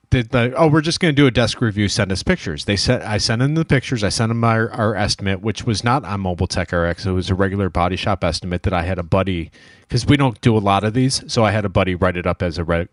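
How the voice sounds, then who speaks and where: A man with a fairly low voice chats about his repair shop, spinning a story and voicing the other people in it. The sound is dry and close, with no room around it. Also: fairly quick, no room sound. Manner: storytelling, acts out quoted dialogue. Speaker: dent repair shop owner, show host. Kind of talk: casual shop talk.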